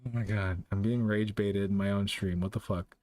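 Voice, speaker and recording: A Canadian man streaming live, reading chat and ranting about vaccines, exasperated and profane, swinging between loud outbursts and low muttering. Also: steady tone, normal speed, a little hiss or hum. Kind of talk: casual livestream chat.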